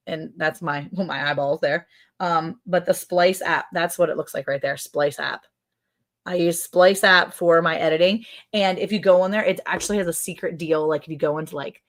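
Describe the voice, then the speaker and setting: A middle-aged woman hosting a casual livestream chat. She is chatty, quick to laugh, and fills her talk with "like". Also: fairly low pitch, fairly bright tone. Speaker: ranch channel host.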